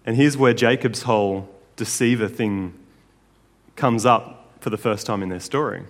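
A man's voice: medium pitch, moderate pace. A man telling a Bible story in a casual, chatty way, with jokes along the way. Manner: chatty, joking, lively storytelling. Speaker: Bible teacher. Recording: long hall reverb.

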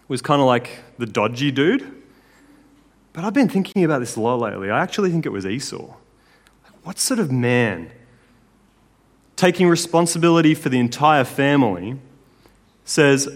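A man's voice: medium pitch, moderate pace, long pauses. Joking male Bible teacher, echoey hall. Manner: chatty, joking, lively storytelling. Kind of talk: casual Bible story teaching. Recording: long hall reverb.

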